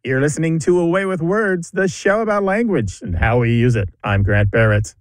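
A man's voice: fairly high pitch, animated, moderate pace, no room sound. Joking middle-aged man hosting radio. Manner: friendly, joking, clear and precise. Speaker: radio show host. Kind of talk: casual radio chat about language. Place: radio studio. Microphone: studio microphone.

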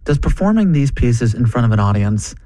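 A man's voice: medium pitch, sing-song, a little fast, mellow, no room sound. A man hosting an interview, asking earnest questions with small stumbles and restarts. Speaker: guest interviewer, podcast host.

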